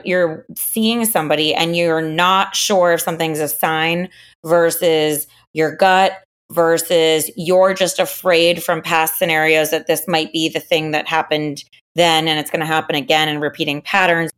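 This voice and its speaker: A woman's voice: low-pitched, smooth. A woman co-hosting a casual podcast chat, asking long, rambling questions.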